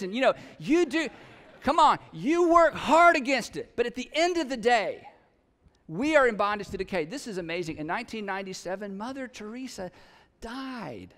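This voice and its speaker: A middle-aged male pastor preaching a sermon in a conversational, animated way, often mimicking his listeners. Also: extremely high pitch. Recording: long reverb of a large hall.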